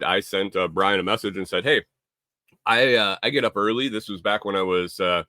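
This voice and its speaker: Man, livestream host, casual chat, low voice, bright and punchy, dry close sound. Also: no echo. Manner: rambling, repeats himself, casual swearing; reads viewer chat aloud. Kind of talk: casual live-stream chat.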